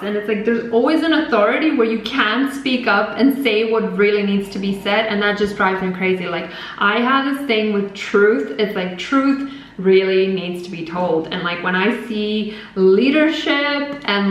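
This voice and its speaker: A woman hosting a podcast, talking in a casual, rambling and animated spiritual monologue with lots of fillers. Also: medium pitch. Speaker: podcast host. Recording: very echoey room.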